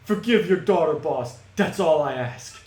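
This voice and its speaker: A man's voice: fairly high pitch, lively intonation, measured pace, a little mellow. A man voicing a loyal young male Pianta henchman with earnest, tough-guy gangster talk. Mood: remorseful. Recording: echoey room, music behind.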